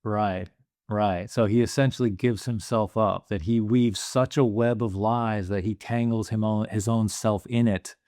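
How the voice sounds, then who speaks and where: A man's voice: lowish voice, steady tone, a little slow, darkish tone, no echo, clean studio sound. A man co-hosting a casual movie podcast, laying out his points about a film step by step. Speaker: podcast co-host.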